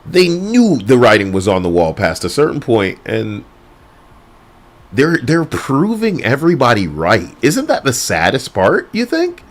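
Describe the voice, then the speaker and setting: A man's voice: medium pitch, wildly swooping pitch, normal speed, few pauses. A man streaming live and ranting casually, in a crude, rambling way with frequent laughter. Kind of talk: casual livestream rant.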